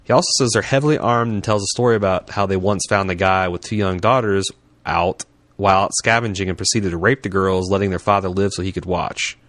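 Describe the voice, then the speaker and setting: A man's voice: sits low, steady tone, a little fast, a bit bright, dry recording. A man co-hosting a casual podcast, joking around and reading an episode synopsis aloud. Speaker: podcast co-host.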